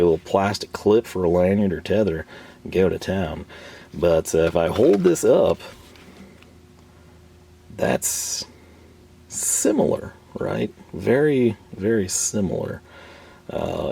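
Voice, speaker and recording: A man with a Texan accent, hoarse from losing his voice, chatting casually and rambling through a hands-on tool review. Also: low-pitched, darkish tone. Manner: rambling, chatty, laughs often. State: hoarse, recovering from lost voice.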